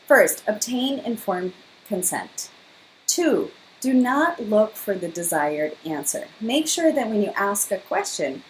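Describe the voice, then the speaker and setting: A woman's voice: mid-range voice, a little mellow, slight background noise, rough recording. A woman giving a classroom lecture, explaining step by step and acting out example questions. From not from Liberia.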